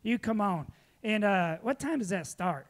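A man preaching at a church, telling folksy stories with lively laughter, then giving announcements. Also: high voice, a little slow. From Texas. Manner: folksy storytelling, animated, laughing often. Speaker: pastor.

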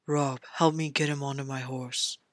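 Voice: mid-range voice, level tone, moderate pace, no echo, studio quality, voice pushed down, lightly acted. A narrator voicing a worried, earnest lord. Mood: urgent. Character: worried middle-aged lord, earnest and loyal.

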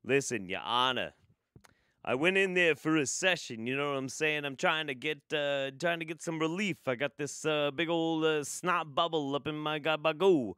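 A brash middle-aged New Jersey man, as a streamer puts him on, pushy and indignant. He talks in a thick New Jersey accent, a little higher than his usual voice. It is recorded dry and close. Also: normal speed, clean tone, dry recording. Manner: loud, pushy, aggrieved.

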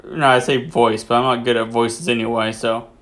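A man's voice: mid-range voice, flat delivery, normal speed, a bit bright. A man giving offhand, crude, joking let's play commentary while playing a game. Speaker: gamer.

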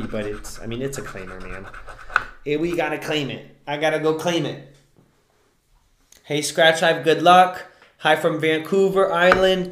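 A man live-streaming scratch-off tickets, talking excitedly to his chat and yelling at big wins. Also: on the high side, a little hiss or hum. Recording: echoey room.

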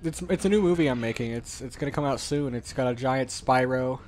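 A man's voice: medium pitch, fairly quick, a little mellow, faint music behind. A man hosting a let's play, joking casually over his gameplay in a playful, slightly put-on British manner.

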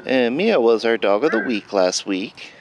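A man's voice: mid-range voice, very animated, unhurried, a little hiss or hum. A man presenting adoptable shelter dogs in an upbeat, chatty, playful way, as scripted narration for an adoption video. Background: background music.

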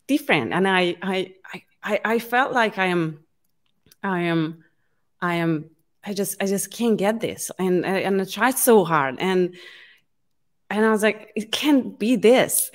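Emotional woman host. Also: mid-range voice. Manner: emotional, halting, many restarts. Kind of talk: casual conversation.

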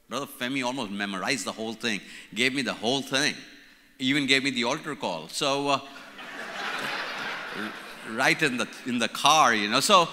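An Indian-accented man in his sixties addresses a church leadership conference, playful and fond of repeating his key words. His voice is very bright and cutting, at a middle pitch. It rings through a large hall with a long echo. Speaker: conference speaker. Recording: reverberant hall.

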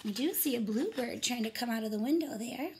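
A woman's voice: a little high, animated, a little fast, slight background noise. A woman teacher reading a picture book aloud and teaching rhymes to young children, talking straight to them in an encouraging way. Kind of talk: read-aloud phonics lesson for young children.

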